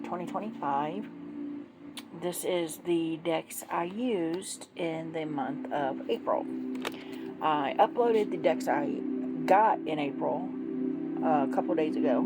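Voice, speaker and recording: Slow, low-voiced woman chatting. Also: poor audio. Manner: chatty, gushing, rambling. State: yawning, sleepy. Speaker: tarot deck reviewer. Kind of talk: casual vlog chat.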